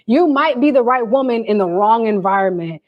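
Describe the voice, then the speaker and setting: A young adult woman hosting a casual livestream, chatting straight to her viewers in animated, slangy talk. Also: on the high side, normal speed, highs cut off. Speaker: livestream host.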